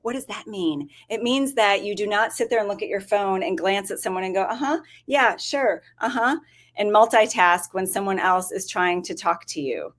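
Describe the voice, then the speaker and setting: A woman talks casually as a guest on a show, chatty and relaxed, full of ums and you-knows. Her voice sits at an ordinary middle pitch. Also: fairly quick, hardly any pauses. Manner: chatty, with frequent fillers and laughs. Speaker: dietitian guest. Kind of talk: casual chat.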